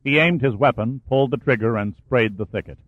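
A man reading a war thriller aloud as an audiobook narrator, in steady storytelling. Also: medium pitch, fairly quick, no echo. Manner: steady storytelling, lifts and raises his voice for shouted dialogue. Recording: dry, tinny phone-like sound.

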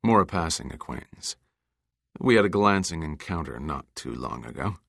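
A narrator putting on a self-assured male adventurer with a deep, low voice and a bright, forceful edge, trading dry understatement like it costs him nothing. The audiobook sound is close and dry. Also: expressive, normal speed, vocal fry, no room sound, heavily acted. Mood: wry. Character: wry confident male adventurer.

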